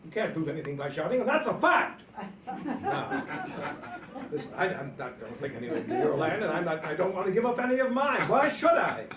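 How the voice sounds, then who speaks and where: A man's voice: high-pitched, sing-song, fairly quick, a loud crowd. A man playing a stubborn older landowner and father in a stage play, blustering and insisting on every point. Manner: blustering, repeats "that's a fact". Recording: roomy, distant mic with faint noise.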